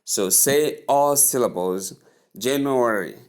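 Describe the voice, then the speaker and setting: A man's voice: mid-range voice, animated. A man teaching English pronunciation, repeating each word several times and giving patient advice. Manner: slow, repetitive drilling of words; patient, advising tone.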